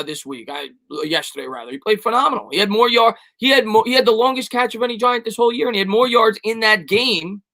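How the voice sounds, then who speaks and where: A man hosts a relaxed live stream, reading viewers' questions and answering with firm, repetitive opinions. His voice sits high and sounds bright. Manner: rambling, repeats himself, emphatic opinions. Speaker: sports YouTuber answering live chat questions.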